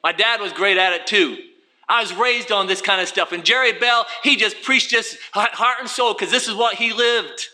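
A man preaching a fervent sermon, dropping low and then rising to shouts. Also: moderate pace. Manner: fervent, swings from quiet to shouting.

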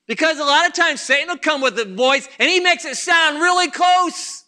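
A man's voice: extremely high pitch, moderate pace, pushed and bright. A man preaching a sermon, fervent and repetitive, talking straight to his congregation.

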